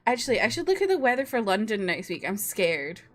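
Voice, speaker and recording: Faint music plays behind a young Scottish woman who is livestreaming from home, talking casually with her chat while laughing and occasionally cursing. She has a mid-range voice and speaks in a very animated way, a little fast.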